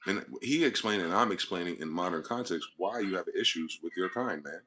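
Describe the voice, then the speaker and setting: A man's voice: low voice, expressive, brisk, bright, forceful tone. A man hosting his own channel, talking alone in a rambling, profane monologue built on wordplay. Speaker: channel host. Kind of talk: solo monologue to camera.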